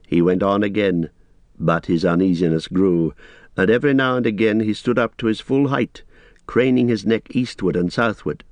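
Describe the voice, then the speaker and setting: A man narrating a fantasy audiobook in a measured, steady storytelling manner. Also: lowish voice, dry recording.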